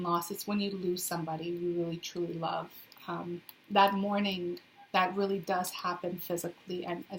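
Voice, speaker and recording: A woman's voice: medium pitch, fairly bright tone, a little hiss or hum, low-quality recording. A young woman giving a casual tarot reading to her viewers, chatty and sassy, with playful asides. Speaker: tarot reader. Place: indoors in a hot, humid city flat.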